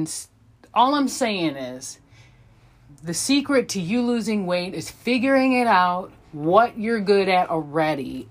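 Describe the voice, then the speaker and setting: A woman in her thirties hosting her own podcast, rambling casually with frequent ums, restarts and self-deprecating asides. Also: on the low side. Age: 30s. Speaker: podcast host. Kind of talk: casual solo podcast monologue.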